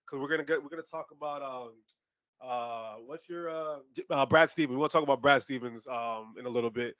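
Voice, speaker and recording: A man's voice: mid-range voice, dry recording, highs cut off. A man co-hosting a sports podcast, talking casually with lots of swearing and laughter. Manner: animated, profane, laughs often. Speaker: podcast co-host.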